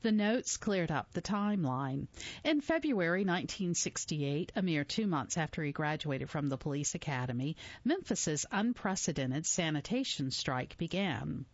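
Low-voiced woman reading a memoir. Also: animated, dry recording, lo-fi sound. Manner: measured, reflective storytelling. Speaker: memoir narrator. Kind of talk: audiobook memoir narration.

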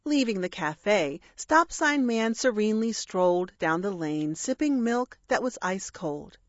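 A woman reading a rhyming children's story aloud with a measured, expressive delivery. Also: medium pitch, no echo, dull audio. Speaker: narrator.

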